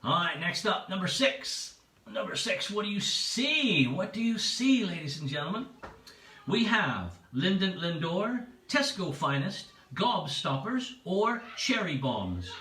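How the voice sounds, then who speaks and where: A bright-voiced man hosts a home pub quiz, chatty and playful as he repeats each option. His pitch swings widely. He sits back from the mic in an echoey room. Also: sing-song, a little slow, distant mic. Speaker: quiz host. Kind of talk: livestream pub quiz hosting.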